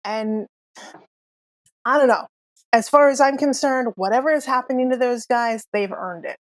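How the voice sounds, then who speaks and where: Give me a woman playing a weary older male coffee vendor in a tabletop game, hesitant and reluctant, fairly high-pitched. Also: moderate pace, dry recording, lightly acted. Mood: confiding.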